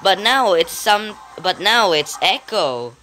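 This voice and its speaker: A person giving casual gameplay commentary, excitable, with frequent startled exclamations, giggles and rambling restarts. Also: medium pitch, slow pace, soft background music.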